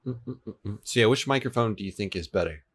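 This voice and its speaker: His voice is fairly low and husky, with lively intonation and a quick pace. The young man, in his twenties, is coding a game server on a casual livestream, relaxed and talkative as he reads viewers' chat. Two desk microphones trade off in a home room where the air conditioner runs.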